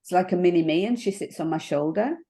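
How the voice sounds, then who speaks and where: A woman coach talking in a casual interview. She is reflective and halting, and she laughs often as she explains her thinking. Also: on the low side, dark tone. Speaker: NLP coach.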